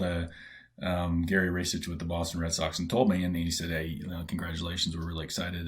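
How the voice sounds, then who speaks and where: A middle-aged man from Canada with a very low voice spins relaxed stories as a podcast guest. He talks casually, full of fillers, and acts out the quoted voices of others. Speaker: guest, former pro baseball player. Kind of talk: casual storytelling.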